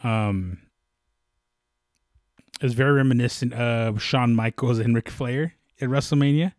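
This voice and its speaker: A man's voice: mid-range voice, unhurried, a little mellow, no room sound, studio quality. A man chatting casually about fights, rambling with many fillers and restarts. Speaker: fight commentator. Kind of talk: casual sports chat.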